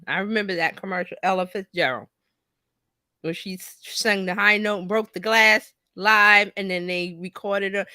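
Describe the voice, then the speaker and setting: Animated woman co-host with a bright voice. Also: dry recording, studio quality. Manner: animated, big pitch jumps when quoting herself. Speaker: co-host, business coach. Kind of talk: casual live-stream chat.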